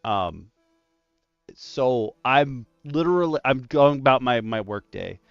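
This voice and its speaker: Animated male stream host, smooth voice. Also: mid-range voice, takes it slowly, no echo, highs cut off, soft background music. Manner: animated storyteller, voice jumps up in punchlines. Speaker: stream host, dungeon master. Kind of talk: casual roundtable chat.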